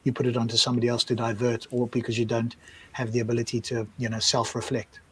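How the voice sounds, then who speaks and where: A man's voice: medium pitch, monotone, fast talker, slightly rough. A man co-hosting a live discussion, arguing his point through a string of rhetorical questions. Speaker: co-host. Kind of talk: casual live-stream discussion.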